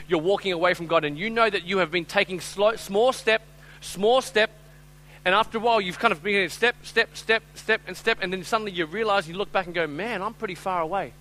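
A high-voiced man, serving as pastor, preaches through a story in a chatty way, peppered with "right?" and "I'm telling you." He acts out characters and shifts from loud to quiet, captured on a rough recording.

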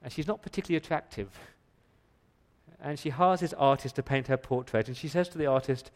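A pastor giving an emphatic church sermon, full of rhetorical questions and quick stumbling repeats. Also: male voice, mid-range voice, a little mellow.

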